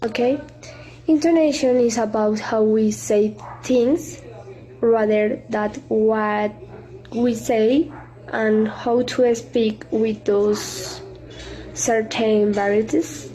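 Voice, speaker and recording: A woman student introduces her presentation in slow, careful, halting English. Her voice sits a little high and sounds soft and mellow. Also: fairly even intonation, poor audio. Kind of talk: class presentation video.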